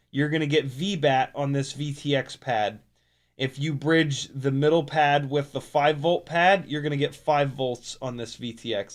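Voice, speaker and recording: An American man hosting a drone live stream, chatting casually and reading viewer comments aloud, with many ums and restarts. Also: medium pitch. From United States.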